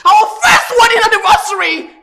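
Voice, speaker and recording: An actress playing a young wife, speaking with a Nigerian accent and crying out reproaches in a film drama. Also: female voice, extremely high pitch, very animated, brisk, vocal fry, heavy background noise, exaggerated voice. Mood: furious. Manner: emotional, shouting reproaches. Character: young wife, hurt and indignant.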